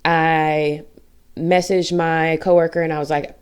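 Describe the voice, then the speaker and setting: A young woman with a low voice tells a candid personal story to her camera. She talks emphatically in casual slang, venting her frustration. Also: level tone, unhurried, smooth. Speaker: vlogger.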